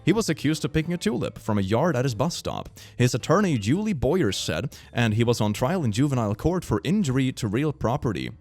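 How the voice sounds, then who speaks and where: A young man reacting to posts with sarcasm and running puns, his pitch swooping widely as he talks. He laughs easily and shifts between mock outrage and thoughtful asides. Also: very animated, a little mellow, soft background music. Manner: sarcastic, quick to laugh, punning. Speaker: reaction commentator. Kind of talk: casual reaction commentary.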